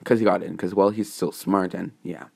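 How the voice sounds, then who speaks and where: A man's voice: low voice, level tone, moderate pace, creaky, darkish tone. A man narrating a fan-made story in a casual, improvised way, rambling with fillers and self-corrections.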